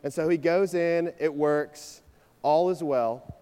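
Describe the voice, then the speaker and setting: A man in his twenties giving a sermon, telling a personal story in a conversational, energetic way before moving into his teaching. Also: a little high, slow pace, clear, resonant tone. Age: 20s. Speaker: preacher. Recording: long reverb of a large hall.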